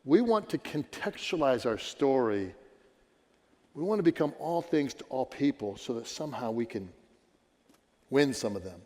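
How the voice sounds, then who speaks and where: In a church sanctuary, a pastor preaches a sermon in an earnest, conversational way, asking his listeners questions. His mid-range voice has a darkish tone, and the recording carries church hall reverb.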